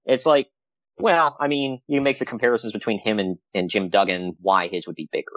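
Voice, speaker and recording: A man's voice: on the low side, no room sound. A man co-hosting a podcast, chatting casually about old wrestling shows with sarcastic asides. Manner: animated, sarcastic asides, quick laughs. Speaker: podcast co-host.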